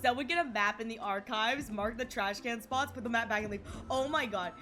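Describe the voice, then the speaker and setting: A woman's voice: fairly high pitch, fairly quick, pushed and bright, faint music behind. A young woman streamer chatting casually to her viewers, giggly and rambling. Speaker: game streamer. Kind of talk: casual live-stream chat.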